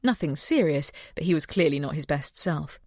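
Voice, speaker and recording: A woman reads a mystery novel aloud in steady narration. Her voice sits a little low. The recording is dry and close. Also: normal speed, dry recording. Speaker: audiobook narrator. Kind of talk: scripted narration.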